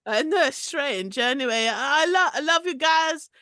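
A woman voicing a flirty male rat from Paris who calls into a podcast, with a put-on French accent and a loud, hammy manner. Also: sits high, expressive, measured pace, no room sound, studio quality, pitched above the performer's own voice, full character voice. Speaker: podcast caller.

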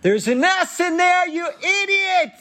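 Man doing a high, frantic mom voice, shrieking. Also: animated, a little slow, pushed and bright, exaggerated voice. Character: shrill panicked kidnapped mother.

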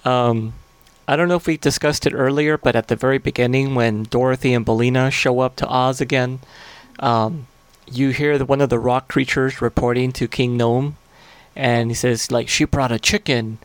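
Man podcast co-host, mid pitch, relaxed chatter, dry close mic. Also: moderate pace, clear, resonant tone, no echo. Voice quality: relaxed, hedging with "like" and "um". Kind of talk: casual film discussion.

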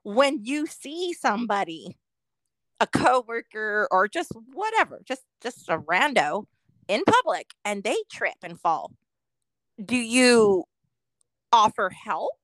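A woman's voice: medium pitch, expressive, normal speed, a bit bright, dry recording, poor audio. A woman in her forties co-hosting a podcast, chatting casually with lots of swearing and giggles. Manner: profane, giggly. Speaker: podcast co-host. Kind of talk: casual chat.

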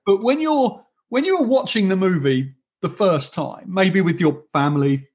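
A man's voice: sits high, sing-song, moderate pace, few pauses, breathy edge. A man hosting a podcast interview, talking in a rambling, self-correcting way as he tells stories and asks questions. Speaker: podcast host. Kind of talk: casual interview chat.

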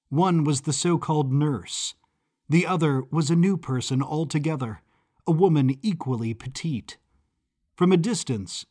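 A man giving scripted first-person narration of a suspense story in a measured, suspenseful manner. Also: medium pitch.

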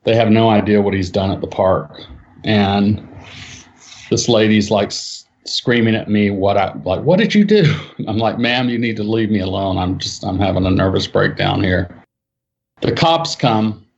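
A man telling a personal eyewitness story in casual speech, acting out what people said with his voice jumping up for the quotes. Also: normal speed. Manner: animated, acts out quotes with raised pitch. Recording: dull lo-fi sound.

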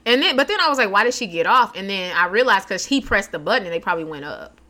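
A woman co-hosting a podcast in casual chat, excitable and quick to laugh. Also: medium pitch. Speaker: podcast co-host.

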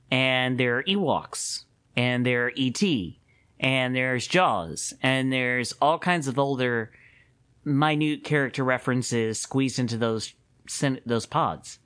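A man co-hosting a podcast, chatting casually at a middle pitch. He sounds animated and laughs easily, often breaking off to restart a thought. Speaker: podcast co-host. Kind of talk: casual chat.

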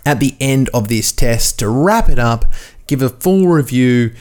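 A man's voice: medium pitch, animated, a little slow, a little mellow. A man hosting a cricket podcast, chatty and jokey, talking straight to his listeners. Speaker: podcast host. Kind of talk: casual podcast sign-off.

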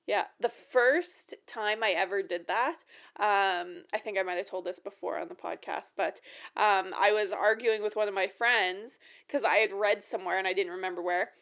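A woman co-hosts a podcast in relaxed, casual chat. Her voice sits in the middle range, and she keeps things lively, laughing often and acting out quotes as she talks. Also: mid-range voice, moderate pace. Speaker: podcast co-host.

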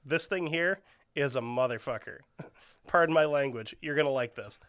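A man's voice: medium pitch, normal speed, a bit bright, dry recording, studio quality. A young man co-hosting a comedy podcast, reading an old diary aloud and swearing through wry jokes. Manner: profane, joking, reads a diary aloud with wry asides. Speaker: podcast co-host.

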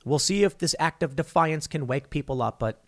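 A man's voice: on the high side, a little fast. A man delivering an online political commentary monologue in a blunt, sarcastic, scornful way.

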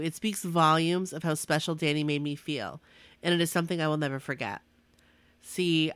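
A woman's voice: low-pitched, a bit bright, no room sound. Young woman reading her fan story. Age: young adult. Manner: earnest and emotional, with restarts and asides. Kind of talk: reading a personal fan story aloud, casual chat.

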